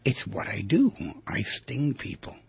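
A man voicing a sly male scorpion from a fable, matter-of-fact and unapologetic, in a raspy voice. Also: mid-range voice, sing-song, a little slow, dull audio, heavily acted. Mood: flat.

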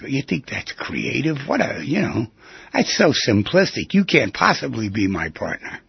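A man's voice: medium pitch, huge pitch swings, moderate pace, creaky, husky, no echo, exaggerated voice. A man voicing a picky female dog choosing a mate, in a haughty, dismissive manner while telling a joke on the radio. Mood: scornful. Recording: dull lo-fi radio broadcast.

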